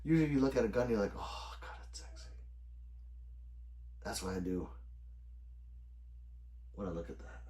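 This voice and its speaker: A man's voice: lowish voice, animated, brisk, pauses often, dark tone. A middle-aged man hosting a casual late-night livestream, reading chat aloud and answering viewers by name, rambling loosely and swearing often.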